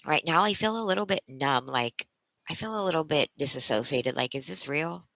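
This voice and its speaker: A tired woman livestreaming to her viewers, close to tears, speaking in halting, emotional bursts and restarting her sentences. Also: sits low, lively intonation, vocal fry, bright, forceful tone, no echo, rough recording. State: tired from a sleepless night. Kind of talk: casual live-stream chat.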